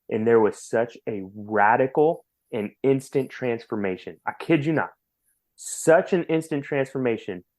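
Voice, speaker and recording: Male guest with a mid-range voice, earnest and animated storyteller, repeats himself. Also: mid-range voice. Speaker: podcast guest. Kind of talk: personal testimony storytelling.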